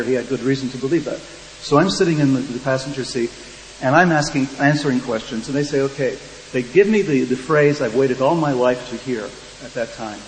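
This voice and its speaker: A man on a discussion panel, telling a dry, wry story with quoted dialogue to an audience. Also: medium pitch. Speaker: panel speaker. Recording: echoey hall, faint hum.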